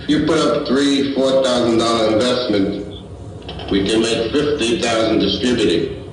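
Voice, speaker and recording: Brief: actor as an older mob boss, cold and businesslike, heard as a roomy, distant film clip over music. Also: male voice, medium pitch, fairly even intonation, normal speed, crowd noise, lightly acted. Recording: echoey film audio with music, from far off.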